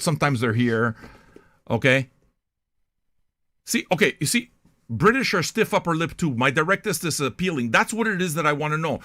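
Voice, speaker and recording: A man's voice: on the high side, bright, forceful tone. An older man from Canada, hosting a music reaction show in a blunt, profane, rambling monologue.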